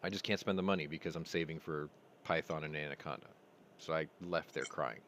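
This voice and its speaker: A man's voice: extremely low pitch, steady tone, a little fast, fairly bright tone, slight background noise. A man hosting a casual stream, rambling through stories and laughing at his own jokes. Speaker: host. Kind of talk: casual live-stream chat.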